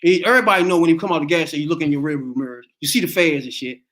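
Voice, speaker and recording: A man's voice: a little high, rapid-fire. A middle-aged man hosting a podcast, telling a story in casual chat and acting out the voices in it. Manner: animated, acts out voices in his story. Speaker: podcast host.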